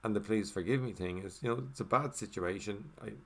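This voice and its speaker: A man giving a reflective first-person voiceover for a signed meditation video, talking casually with many fillers and dropping to a soft murmur when he repeats the meditation phrases. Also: lowish voice, brisk, husky.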